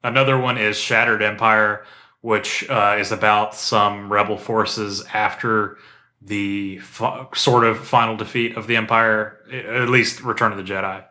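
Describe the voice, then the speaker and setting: A man on a casual podcast, talking with eager enthusiasm and frequent "um"s and restarts. His voice sits a little low yet comes across bright and forceful. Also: flat delivery, a little slow. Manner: enthusiastic, rambling with fillers. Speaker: podcast co-host. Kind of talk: casual chat.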